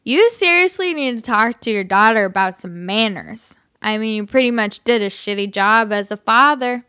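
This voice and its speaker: A woman voicing a drunk, indignant man from a bad date, slurring slow and ranting. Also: a little high, expressive, pushed and bright, smooth, no echo, clean studio sound. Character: drunk belligerent adult male creep from a bad date.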